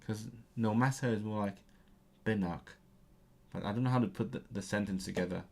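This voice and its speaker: A man in a casual online language lesson, halting and full of restarts as he searches for words, with bursts of excitement about grammar. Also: fairly low pitch, vocal fry.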